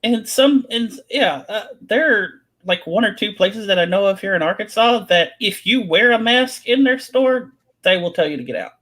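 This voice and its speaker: Podcast cohost rambling thru a story, swearing casually, relaxed chat. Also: medium pitch, moderate pace, hardly any pauses. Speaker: podcast co-host.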